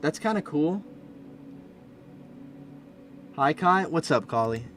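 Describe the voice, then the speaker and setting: A young man streaming as he reviews fan art, chatting casually and breaking into loud, profane rants. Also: a little high, animated, normal speed, a little hiss or hum. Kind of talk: live-stream commentary.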